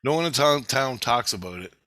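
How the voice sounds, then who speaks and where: A weary man at a bar speaks bluntly and curses freely, played by a man telling a story. The voice is bright and forceful, sitting close to the storyteller's own. It is recorded close and dry, with no room sound. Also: medium pitch, expressive, fairly quick, no room sound. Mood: resigned. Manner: blunt, profane.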